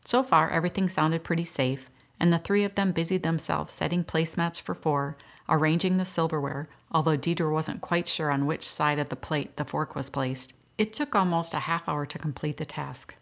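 A woman narrating an audiobook story in a steady, even storytelling manner. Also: low voice, moderate pace, few pauses.

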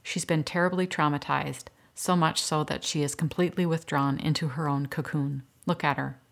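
A woman reading the lines of a tired male doctor, speaking in a grave, measured way. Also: on the high side, steady tone, vocal fry, fairly bright tone. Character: weary male small-town doctor.

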